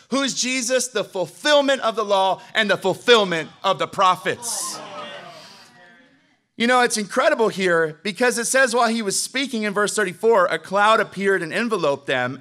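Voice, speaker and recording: High-voiced middle-aged pastor guy, emphatic, keeps asking for amens. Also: pushed and bright. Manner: emphatic, calls for amens from the congregation. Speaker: preacher. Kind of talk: sermon. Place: church sanctuary.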